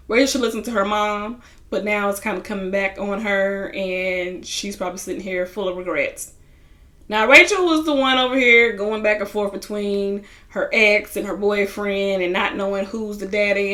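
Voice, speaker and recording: A woman's voice: mid-range voice, pushed and bright. A woman recapping a reality TV episode in casual chat, retelling scenes and giving her opinions. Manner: chatty storyteller, retelling scenes in quoted voices. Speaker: reality TV reviewer.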